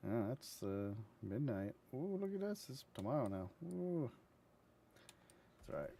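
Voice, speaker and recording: Lockerer Spiele-Kommentator, mittlere Stimmlage, verspielt, singt und murmelt. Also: male voice, mid-range voice, big pitch swings, a little slow, vocal fry, mellow, slight background noise. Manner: goofy, hums and sings to himself, mumbles. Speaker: gaming streamer. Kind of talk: casual gameplay commentary.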